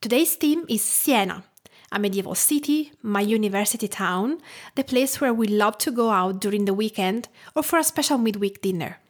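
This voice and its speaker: A woman's voice: mid-range voice, animated, moderate pace. A woman in her thirties from Tuscany with an Italian accent, narrating her food podcast in a reflective storytelling way. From Tuscany, Italy. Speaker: podcast host.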